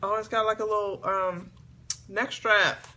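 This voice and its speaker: A woman chatting excitedly to camera as she opens gifts, talking to her viewers at home. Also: medium pitch, measured pace, slight background noise. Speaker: beauty vlogger. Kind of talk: casual unboxing chat to camera. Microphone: camera on a tripod.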